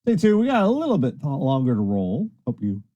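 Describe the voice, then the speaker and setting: A man's voice: mid-range voice, fairly quick, no room sound, highs cut off. A tired man hosting a late-night internet radio stream, chatting loosely and swearing as he rambles between songs. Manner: lively, rambling, swears casually.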